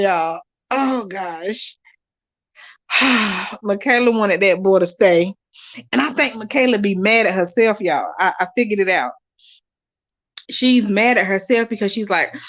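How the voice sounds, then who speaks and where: A woman hosting a live watch-along, reading viewer comments aloud and chatting casually to her audience, animated and quick to laugh. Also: medium pitch. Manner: animated, laughs often, talks straight to viewers. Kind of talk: casual live-stream chat.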